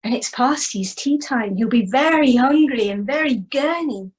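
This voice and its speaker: Woman storyteller doing Morag, young mother, high voice, unhurried, fretful and coaxing. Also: expressive, dull audio. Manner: fretful, pleading, then coaxing. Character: resourceful young Scottish mother, clever.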